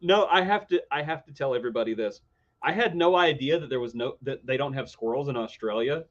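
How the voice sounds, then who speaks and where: Guy cohosting a podcast, teasing and playful, pitch bouncing up and down. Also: animated, fast talker, muffled recording. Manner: playful, mimics others in squeaky voices. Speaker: podcast co-host. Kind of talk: casual chat.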